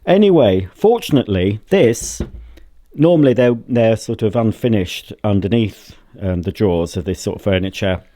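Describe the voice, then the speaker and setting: A man's voice: fairly low pitch, expressive, moderate pace, warm tone. Rambling, self-mocking vlogger man. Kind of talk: casual solo vlog to camera. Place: at home, indoors. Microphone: handheld camera at arm's length.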